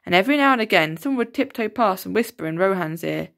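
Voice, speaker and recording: A woman reads a children's novel aloud with steady expression. Her voice sits in a middle pitch. She narrates evenly from line to line. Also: fast talker, creaky. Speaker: storybook reader.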